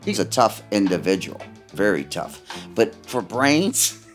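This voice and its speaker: A man's voice: fairly low pitch, huge pitch swings, a little slow, faint music behind. An older man recounting his days with the mob in a profane, storytelling way, acting out the voices of the people in his stories. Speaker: interviewee, former mob associate.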